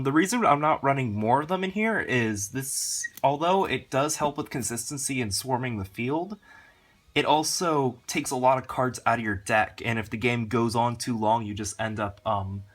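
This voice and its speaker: Guy running thru his card deck, talks fast n rambles, lots of uhs and likes, medium pitch. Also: fairly bright tone. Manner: rushed, rambling, lots of fillers. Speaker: card game channel host. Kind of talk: casual deck walkthrough.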